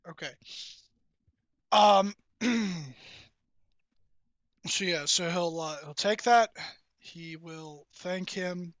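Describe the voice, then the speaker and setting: Player: man with a somewhat high voice, playful and haggling, dry sound. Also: drawn-out words, long pauses, a bit bright, no room sound. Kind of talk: playing a tabletop game over voice chat.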